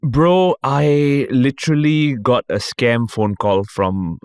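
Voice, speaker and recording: A man in his thirties with a Singaporean accent, a stand-up comedian telling a story in a casual podcast chat with slangy, animated delivery. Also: mid-range voice, slow pace, clean tone, no echo, studio quality. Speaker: stand-up comedian, guest host.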